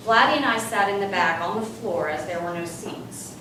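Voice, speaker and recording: A woman giving a humorous storytelling speech as a guest speaker, with animated comic timing. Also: mid-range voice, moderate pace, background noise. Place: large hall with live audience. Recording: echoey hall from far off. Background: room ambience and audience laughter.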